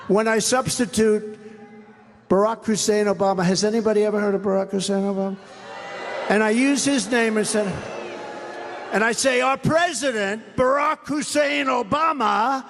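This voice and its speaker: A man giving a sarcastic, repetitive rally speech, rambling from point to point. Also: high-pitched. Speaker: political speaker at a rally. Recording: long reverb of a large venue, faint background noise.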